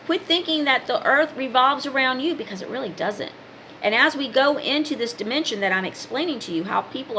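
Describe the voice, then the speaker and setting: A woman's voice: a little high, pushed and bright, a little hiss or hum, poor audio. A woman talking casually to her viewers, giving spiritual advice in an emphatic, preachy way with many repeated commands. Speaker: spiritual advice vlogger and card reader.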